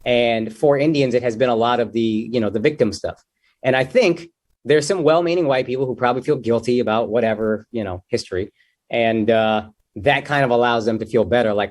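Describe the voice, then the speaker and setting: A man's voice: medium pitch, fairly quick. A young man, a comedian guest in a casual interview, talking loosely and jokingly, with lots of "dude" and "like".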